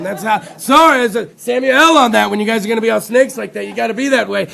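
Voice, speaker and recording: A man with a very high voice and a gravelly, frying edge hosts a talk show. He talks in a rowdy, profane comedic rant, swearing freely and breaking into loud outbursts. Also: fast, few pauses.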